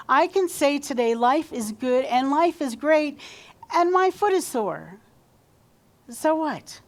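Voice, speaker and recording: Woman pastor, slow and chatty sermon delivery in a church, voice a touch high. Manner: warm conversational preaching, leads call-and-response. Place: church sanctuary.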